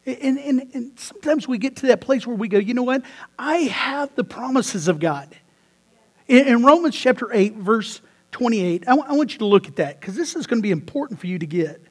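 A male pastor with a high voice preaches in church. He tells his stories with lots of energy, stumbles and restarts, and laughs along with the congregation. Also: fast, few pauses. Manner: animated storytelling with laughs and repeated restarts. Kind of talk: sermon.

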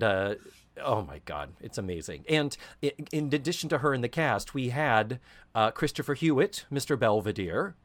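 A man co-hosting a podcast in casual chat, an animated storyteller who swears freely. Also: medium pitch. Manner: animated storyteller, swearing, slips into mock Cockney quotes. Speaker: podcast co-host.

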